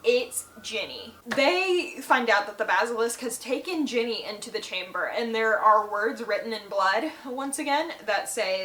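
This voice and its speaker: A woman's voice: fairly high pitch, animated, normal speed, few pauses, bright, forceful tone, rough recording. A woman host chatting through a casual, rambling book recap with lots of fillers.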